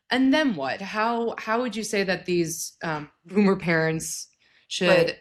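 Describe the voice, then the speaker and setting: A woman's voice: medium pitch, slow pace. A woman hosting an interview podcast, conversational and asking her guest questions. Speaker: podcast host.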